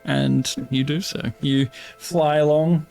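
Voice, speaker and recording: Australian man, game master, slightly high voice, relaxed, laughing, faint music behind. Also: takes it slowly, gravelly. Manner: relaxed, laughing easily while describing scenes. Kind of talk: narrating a tabletop game. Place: room shared with other players.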